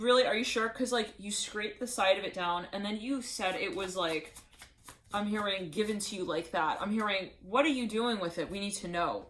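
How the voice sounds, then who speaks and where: A woman's voice: medium pitch, a little hiss or hum. A woman giving a channeled tarot reading, rambling and laughing as she acts out the voices she says she hears. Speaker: tarot reader.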